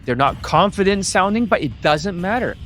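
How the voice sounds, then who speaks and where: A man's voice: animated, moderate pace, fairly bright tone, a little hiss or hum. A middle-aged man, a dating coach, ranting to camera in a profane, emphatic monologue. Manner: profane, emphatic, stresses words with rising pitch.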